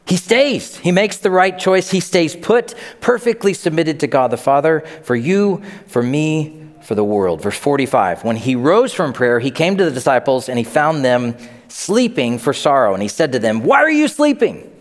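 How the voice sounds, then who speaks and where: Middle-aged guy preaching a sermon, really expressive up-and-down voice, acts out quotes, big echoey church hall. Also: fairly high pitch, moderate pace. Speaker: pastor. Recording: long hall reverb.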